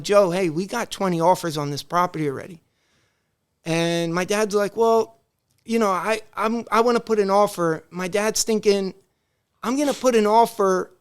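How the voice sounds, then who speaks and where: Brief: man, high voice, animated storyteller on a podcast. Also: clear, resonant tone. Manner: animated, acts out family dialogue. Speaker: podcast guest. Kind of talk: casual storytelling.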